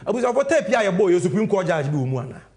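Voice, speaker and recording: A Ghanaian man hosting a TV political talk show. He talks in a high, lively voice that swings up and down. He is emphatic and animated, jumping between Twi and English. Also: rapid-fire. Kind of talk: heated political commentary. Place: TV studio.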